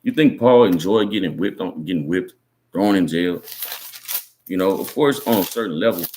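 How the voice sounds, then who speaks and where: A man's voice: low voice, moderate pace, darkish tone. A man giving an informal sermon, talking in an earnest, encouraging and conversational way, often tagging his sentences with "man" and "right?". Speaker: Bible teacher.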